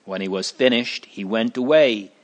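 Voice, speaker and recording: A man reading a chapter book aloud in a slow, deliberate storybook narration. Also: on the low side.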